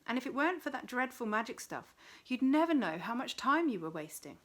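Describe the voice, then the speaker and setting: Woman reader as petty-task demon, male, snarling then silky, pitched up. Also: sing-song, fairly quick. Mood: menacing. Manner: snarling, then soft deceitful whisper. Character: sly male demon of petty tasks, menacing.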